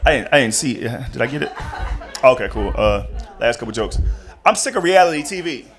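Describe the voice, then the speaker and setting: A young man doing a stand-up comedy set on a club stage, talking casually and jumping into loud high voices for the people in his stories. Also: a little fast, music in the background. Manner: animated, jumps into loud high-pitched voices for characters.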